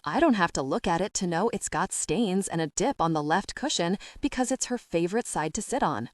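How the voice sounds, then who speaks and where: A woman's voice: lowish voice, lively intonation, fairly quick, no echo, studio quality, close to an everyday voice. A woman reading the part of an overwhelmed young single mother who rambles and frets through tears. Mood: insistent. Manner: rambling, tearful, upset.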